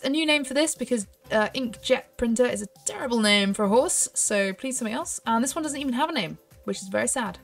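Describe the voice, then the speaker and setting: A woman's voice: mid-range voice, gravelly. Chatty woman playing a game. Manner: chatty, thinks aloud, giggly asides. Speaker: gaming YouTuber. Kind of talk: casual gameplay commentary.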